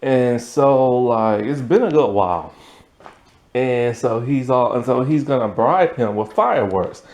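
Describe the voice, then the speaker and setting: A man casually recapping a TV episode, telling it in an animated way with lots of "like" and "um" and frequent laughter. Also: medium pitch, a little slow. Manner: animated storytelling, lots of fillers, laughs often. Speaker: TV episode reviewer.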